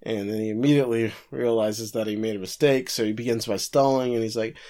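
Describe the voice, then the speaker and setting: A man co-hosting a casual podcast, recapping plot events at length and breaking in with quick quips. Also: on the low side, steady tone, mellow. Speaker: podcast co-host recapping an anime episode. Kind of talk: casual chat.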